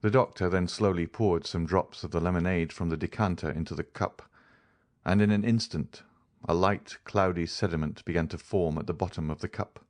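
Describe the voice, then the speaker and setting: Deep-voiced male audiobook narrator. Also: moderate pace. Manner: steady, even storytelling. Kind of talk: scripted narration of a classic novel.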